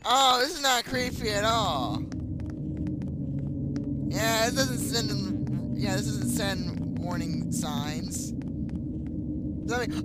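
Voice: mid-range voice, very slow, long pauses, very noisy. A playful gamer giving casual commentary and chatting goofily with characters in the game. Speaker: gameplay commentator.

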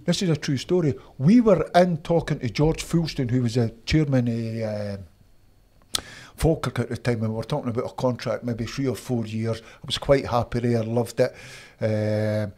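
An older man with a Scottish accent, telling animated stories from his football career as an interview guest. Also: medium pitch, moderate pace. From Scotland. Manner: animated anecdotes, acts out voices of others. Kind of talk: casual storytelling.

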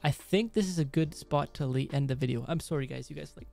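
A man doing gameplay commentary at home at night, speaking softly and excitedly pleading with the game as he plays. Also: a little high, fast, vocal fry, soft background music. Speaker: let's play host.

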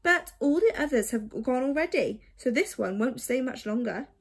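A woman voicing a grumpy, pompous old male albatross with a creaky voice in a storybook reading. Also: high voice, animated, moderate pace, exaggerated voice. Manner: lofty, grumbling.

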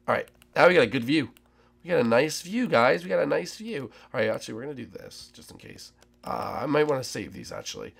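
A young man giving excitable Minecraft gameplay commentary as a gaming channel host, with loud, dramatic outbursts. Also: mid-range voice, fast, creaky.

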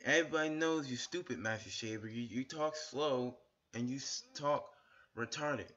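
In an angry rant video, a shirtless man on camera insults another YouTuber again and again, swearing heavily and repeating himself. His voice is medium-pitched and fairly bright at a normal speed, captured in dull, lo-fi webcam audio.

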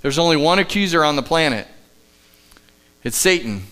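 A pastor's smooth, slightly higher-than-average male voice carries a live sermon in a church sanctuary, with lively intonation at a normal speed. Emphatic preaching alternates with hushed, gentle asides. Underneath, there's a faint electrical hum.

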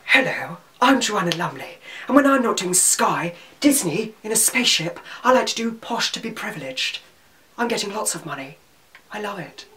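A plummy, languid older actress who drawls in a posh voice. She sounds high, with a lot of lilt. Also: lively intonation, normal speed, bright, forceful tone, recorded from a distance.

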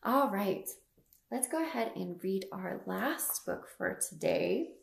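A woman librarian leading a toddler story time, reading and talking in a slow, sing-song, animated way. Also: medium pitch, vocal fry, echoey room. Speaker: children's librarian.

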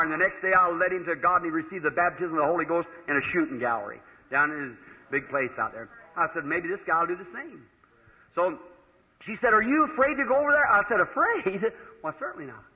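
A man preaching a sermon, telling a story in a folksy, animated way. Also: high-pitched. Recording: old lo-fi reverberant hall recording.

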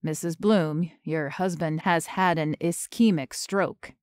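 A woman's voice: deep voice, fairly even intonation, slow pace, darkish tone, no room sound, clean studio sound. A woman voicing a kind but matter-of-fact male hospital doctor in an audiobook. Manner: kind but clinical, explaining plainly.

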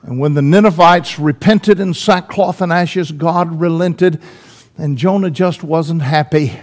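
A man preaching a sermon in church, swinging between loud emphatic lines and hushed, drawn-out ones. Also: a little high.

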